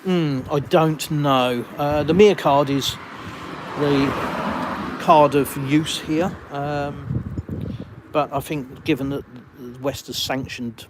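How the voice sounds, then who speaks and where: Background noise accompanies this man's voice, which is on the high side, steady in tone and slow-paced. A livestream host from the UK with an English accent, he's outside in a village, replying to chat with dry, blunt sarcasm.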